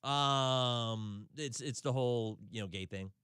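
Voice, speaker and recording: A man's voice: medium pitch, slow pace, a bit bright, clear, resonant tone, no echo, clean studio sound. A man with a Southern accent hosting a radio show, chatting loosely and laughing easily between stories. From Tennessee, US. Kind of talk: casual radio chat. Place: radio studio.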